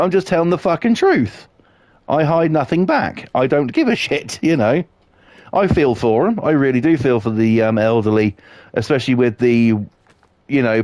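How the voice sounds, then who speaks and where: A British man talks loosely to his live stream audience, blunt and quick to swear. His voice sits in an ordinary middle pitch. The sound is dry, with no room around it. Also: darkish tone, dry recording. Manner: blunt, swears freely, laughs often. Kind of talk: casual live-stream chat.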